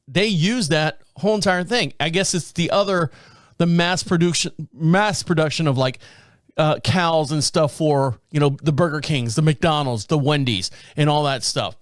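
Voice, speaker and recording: Rambling high-voiced podcast host, a man. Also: normal speed, dry recording, clean studio sound. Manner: rambling, stumbles over names and words. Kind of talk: casual news commentary.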